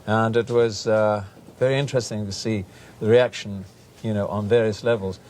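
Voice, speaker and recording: A man's voice: lowish voice, steady tone, normal speed, a little mellow, a little hiss or hum. A man from England, a guest on a talk show, speaking hesitantly with many fillers and a playful streak. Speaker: guest actor.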